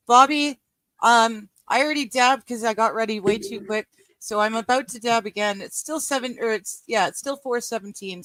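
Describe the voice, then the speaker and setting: A laid-back woman chats casually to viewers on a live stream. Her voice sits at an ordinary pitch. The sound is dry and close. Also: fairly bright tone, dry recording, low-quality recording.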